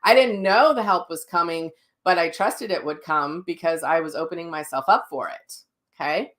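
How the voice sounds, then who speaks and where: A woman's voice: on the low side, moderate pace, a bit bright. A middle-aged woman hosting a casual live chat, blunt and self-mocking, with frank language as she reads viewer comments. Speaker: psychic medium hosting a daily live session.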